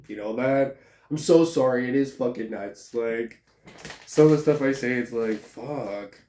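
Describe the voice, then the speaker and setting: A man's voice: mid-range voice, a little slow, warm tone. A man, a YouTuber, ranting casually in a profane, rambling way while cooking in his home kitchen. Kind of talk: casual vlog rant. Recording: echoey room.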